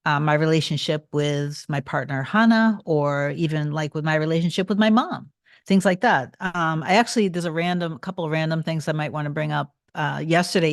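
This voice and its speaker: Low-voiced, tired woman host, chatty livestream talk, dry close sound. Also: no room sound. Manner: chatty, greets viewers by name, repeats phrases. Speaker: manifestation coach hosting a livestream. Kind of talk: casual livestream chat.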